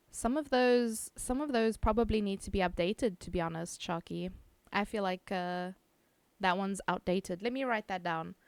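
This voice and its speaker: A woman's voice: medium pitch, a little mellow, no room sound. A woman streaming live, chatting casually, reading chat aloud and laughing often.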